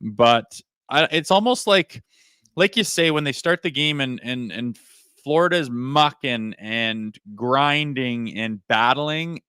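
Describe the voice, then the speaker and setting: A man's voice: medium pitch, slow pace, sharp tone, clean tone, no echo. A man who is a former hockey player, talking animatedly on a podcast, swearing freely and acting out players' voices. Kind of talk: casual podcast chat.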